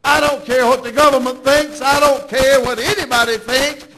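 A preacher acting out a desperate blind beggar. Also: male voice, very high voice, fairly even intonation, moderate pace, breathy edge, full character voice, poor audio. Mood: determined. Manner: shouting, pleading.

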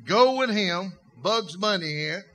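A preacher voicing a stern, questioning God. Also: male voice, high voice, expressive, slow, sharp tone, slight background noise, exaggerated voice. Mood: exasperated. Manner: rhetorical, challenging questions.

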